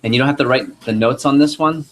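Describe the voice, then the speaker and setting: A young man running a sales training workshop, coaching a group and acting out customer dialogue in an energetic way. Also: medium pitch, fast talker, slight background noise, rough recording. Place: meeting room with group.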